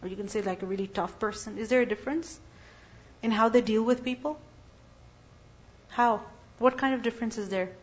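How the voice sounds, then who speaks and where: A woman's voice: fairly high pitch, brisk, pauses often. A woman giving an Islamic lesson, asking her listeners questions and then answering them herself. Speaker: religious teacher. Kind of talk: Islamic lecture. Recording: dull lo-fi recording.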